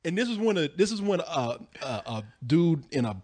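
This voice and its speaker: A man's voice: a little high, sing-song, fairly quick, a little mellow. A man with a Texan accent telling a funny story in a casual podcast chat, laughing often. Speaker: podcast co-host.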